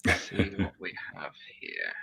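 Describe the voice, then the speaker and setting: Teasing man with a bright voice. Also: extremely low pitch, very animated, unhurried, creaky, breathy edge, rough recording. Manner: teasing, playful, laughs a lot. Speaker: guest. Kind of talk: casual live-stream chat.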